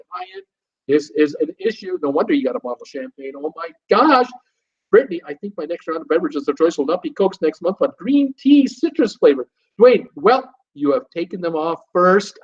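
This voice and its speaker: A man's voice: on the high side, highs cut off. A man from Canada hosting a live cruise show from home, reading viewer comments aloud and joking along. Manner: chatty, reads names aloud and jokes along.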